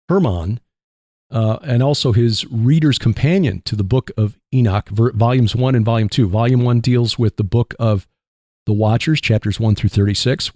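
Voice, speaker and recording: A man with a Midwestern accent hosting a casual Christian radio talk show, rambling and halting with fillers. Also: mid-range voice, darkish tone, dry recording, clean studio sound. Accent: Midwestern American. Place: barn studio.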